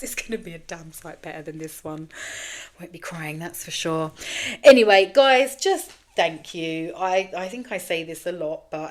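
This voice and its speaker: A woman in her forties hosting a podcast, talking candidly and rambling in a raw, tearful state, swearing freely. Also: low-pitched. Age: 40s. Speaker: podcast host. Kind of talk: casual confessional monologue.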